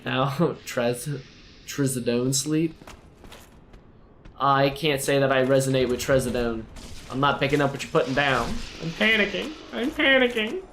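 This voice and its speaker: A man's voice: medium pitch, fairly even intonation, a little slow, long pauses, fairly bright tone, slight background noise. Playful man streaming a game. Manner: playful, teasing, talks to the game and to chat. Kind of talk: live gameplay commentary, chatting with viewers.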